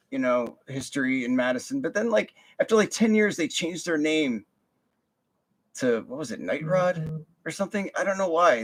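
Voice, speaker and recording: A man's voice: medium pitch, fairly bright tone, low-quality recording. A middle-aged man, telling rambling, profane stories on his podcast and laughing often. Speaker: podcast host. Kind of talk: casual storytelling monologue.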